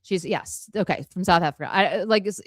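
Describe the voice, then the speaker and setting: A woman's voice: lowish voice, fairly quick, no room sound. A woman co-hosting a casual livestream chat, rambling and emphatic, full of fillers and restarts, swearing casually. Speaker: podcast co-host.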